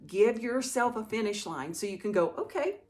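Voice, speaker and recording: A middle-aged woman from a small town answers viewer questions casually to camera, gentle and reassuring. With a medium pitch and normal pace, she comes across like the encouraging, chatty host of a home organizing channel.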